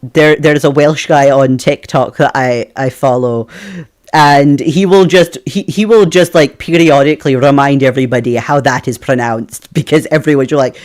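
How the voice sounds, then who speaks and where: A man's voice: mid-range voice, fairly even intonation, normal speed, darkish tone. A Scottish man from Scotland, streaming a game and chatting casually with his viewers, rambling on and laughing often. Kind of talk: casual live-stream chat.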